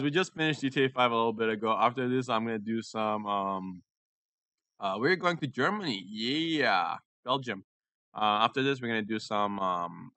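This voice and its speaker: A young man giving casual, excitable commentary over a racing game, joking and giggling as he drives. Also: fairly low pitch. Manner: excitable, giggly, jokey running chatter. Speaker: gaming YouTuber.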